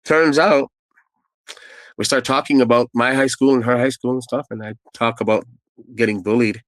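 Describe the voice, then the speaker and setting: A man's voice: medium pitch, fairly even intonation, moderate pace, fairly bright tone, no room sound, poor audio. A man, a guest telling a personal story in a candid, rambling way full of asides. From Canada. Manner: conversational and rambling, with asides and restarts.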